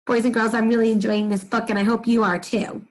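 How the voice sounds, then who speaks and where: A woman's voice: on the high side, level tone, brisk, low-quality recording. A woman teaching an online reading lesson for children, speaking directly to them in an encouraging way.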